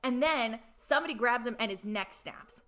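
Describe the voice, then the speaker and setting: A woman's voice: fairly high pitch, animated, moderate pace, pushed and bright. A young woman co-hosting a podcast, retelling a film plot in a chatty way with lots of fillers and acted-out lines. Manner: chatty, filler-heavy, acts out characters' lines. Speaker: podcast co-host.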